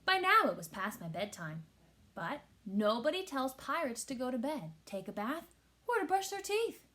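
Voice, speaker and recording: A woman reads a children's picture book aloud with expressive storytelling. Her voice sits fairly high and sounds bright, and her pitch swings widely. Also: normal speed. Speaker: teacher.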